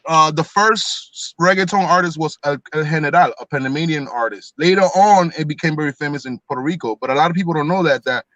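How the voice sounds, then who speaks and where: A man's voice: on the high side, fast, hardly any pauses, a bit bright, no echo. A man from Colombia, co-hosting a casual sports talk show, explaining history in a chatty, rambling way. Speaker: podcast co-host.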